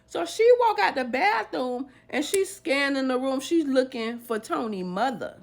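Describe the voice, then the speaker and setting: A woman's voice: high-pitched, measured pace, creaky. Woman animatedly retelling a dramatic story. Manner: animated, acting out each person's lines.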